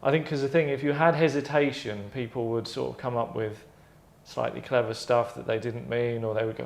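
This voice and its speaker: Presenting his own game concept on his show, a man rambles casually, going off on asides and correcting himself. His medium-pitched voice stays steady, with vocal fry and few pauses at a fairly quick pace, and the room echoes.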